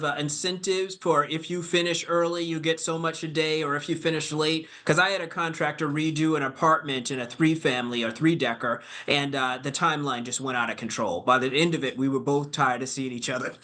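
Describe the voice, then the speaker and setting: A man's voice: on the high side, fairly quick, few pauses, sharp tone. A man on a call asking a follow-up question, friendly and a bit hesitant.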